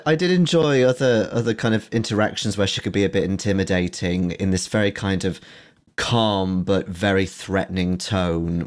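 A man in a casual podcast chat, speaking thoughtfully with many pauses and ums. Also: deep voice. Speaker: podcast player.

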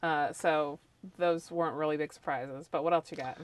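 A podcast co-host chatting casually, teasing their partner with quick interjections. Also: medium pitch, steady tone, clean tone. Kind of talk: casual chat.

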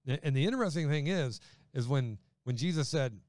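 A man's voice: medium pitch, lively intonation, fairly quick, darkish tone, dry recording, clean studio sound. A man preaching a sermon in a conversational way, acting out quoted voices as he goes. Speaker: pastor.

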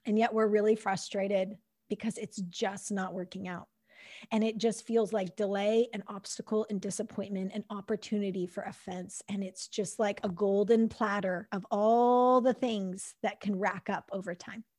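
A woman's voice: mid-range voice, steady tone, moderate pace, a little mellow, no room sound, studio quality. A woman hosting a faith podcast, talking animatedly, acting out her own thoughts and laughing often. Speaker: podcast host.

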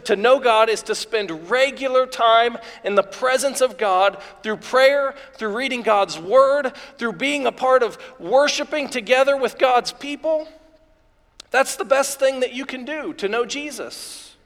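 A man preaching a live sermon to a congregation, enthusiastic and excitable. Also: extremely high pitch, measured pace. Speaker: pastor. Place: church sanctuary before a congregation. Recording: long reverb of a large hall.

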